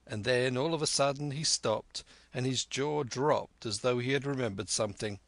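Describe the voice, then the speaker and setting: A man narrating a classic adventure novel as an audiobook in measured storytelling. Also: medium pitch, fairly bright tone, no echo. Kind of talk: scripted narration.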